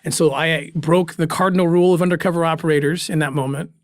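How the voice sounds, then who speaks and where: A middle-aged man speaks in an earnest, halting way, his voice sitting a little higher than most men's. He is recorded close up in a dry, dead room with no echo. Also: fairly even intonation. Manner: earnest, halting, restarts when moved. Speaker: guest recounting undercover work. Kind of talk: emotional storytelling in conversation.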